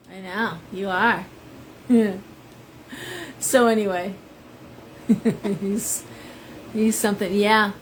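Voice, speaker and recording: A woman's voice: mid-range voice, fairly even intonation, very slow, long pauses, slight background noise, rough recording. A middle-aged woman, a shop owner, chatting casually on a live stream and greeting viewers by name. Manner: chatty, rambling, reads out viewer names.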